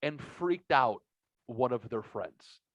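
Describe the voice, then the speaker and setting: A man's voice: medium pitch, takes it slowly, dry recording. A man hosting a podcast, telling a long, profane story in a rambling, casual way. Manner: rambling, profane, animated retelling. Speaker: podcast host. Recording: dry, dull lo-fi sound.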